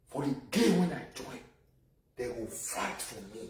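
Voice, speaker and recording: A man with a Nigerian Pidgin accent, ranting loudly in a casual live video, repeating phrases and laughing between points. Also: a little high, big pitch swings, moderate pace, distant mic, slight background noise. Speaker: social media commentator. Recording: echoey room, voice away from mic.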